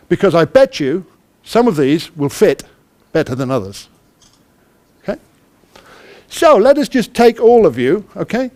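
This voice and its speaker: A project manager gives an interactive workshop talk at a conference, quizzing the audience and acting out little dialogues. His voice is high and darkish in tone, and he's very animated at a moderate pace.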